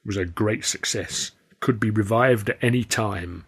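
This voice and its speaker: A shifty old watchman grumbles low and dubiously, hedging every word, as a narrator puts him on. The voice sits lower and quieter than the narration, husky and a touch muffled, in a read-aloud novel. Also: moderate pace. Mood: sorrowful haggling.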